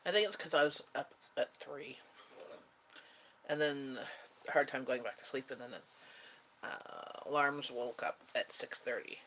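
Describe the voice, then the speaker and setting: A middle-aged woman, tired and yawning as she hosts a relaxed, rambling live-stream chat with her viewers. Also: extremely low pitch, a little hiss or hum. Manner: rambling, relaxed, chatty with pauses. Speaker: livestream host chatting with viewers.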